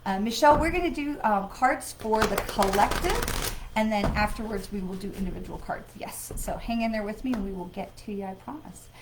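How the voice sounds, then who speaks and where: Speaking fairly quickly in a medium-pitched voice, a woman who works as a psychic medium chats her way through a live card reading. She sighs, leans on filler words and greets her viewers by name, all over a very noisy recording.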